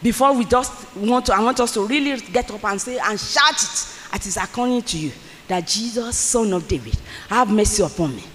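Preacher, bright forceful tone, rhetorical questions, shouted peaks, long hall echo with faint room noise. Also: lively intonation, normal speed. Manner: impassioned, swings from low asides to shouted calls; repetitive, rhetorical questions to the congregation. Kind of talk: sermon.

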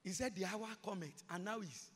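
A man preaching a sermon as pastor, moving from murmured asides to shouted, repeated chants. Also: high voice, brisk. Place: large church hall. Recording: reverberant church hall.

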